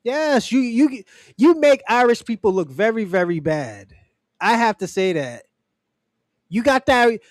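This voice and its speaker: Profane high-voiced man ranting. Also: big pitch swings, unhurried, no room sound. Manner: profane, mocking, laughs often. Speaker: livestream host. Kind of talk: casual livestream rant.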